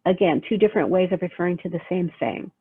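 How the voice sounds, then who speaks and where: A woman's voice: fairly low pitch, fast talker, husky. A woman writing teacher explaining how to use sources in a recorded lecture, conversational and checking in often with "okay?". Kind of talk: recorded lecture over slides. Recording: phone-like narrow sound.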